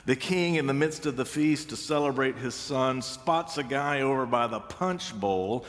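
A man's voice: mid-range voice, moderate pace. A man preaching a sermon, telling stories with dry humor and acting out the voices he quotes. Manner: wry storytelling, acts out quoted voices. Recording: long reverb of a large hall.

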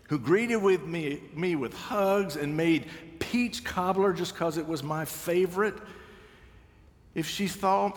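A man preaching a sermon, telling stories with dry humor and acting out the voices he quotes. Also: sits high. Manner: wry storytelling, acts out quoted voices. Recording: long reverb of a large hall.

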